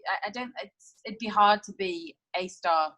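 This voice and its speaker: A woman's voice: mid-range voice, moderate pace, pushed and bright. A woman co-hosting a podcast, chatting casually and teasing her co-host. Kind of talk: casual chat.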